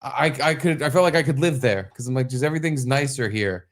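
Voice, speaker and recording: A man's voice: medium pitch, expressive, fast. A man co-hosting a podcast in casual chat, profane and joking, often rambling between thoughts. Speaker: podcast co-host.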